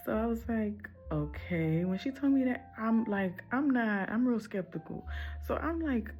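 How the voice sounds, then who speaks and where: A woman's voice: fairly high pitch, expressive, a little slow, highs cut off, faint music behind. A woman telling a casual storytime in a candid, rambling, emphatic way, full of casual slang.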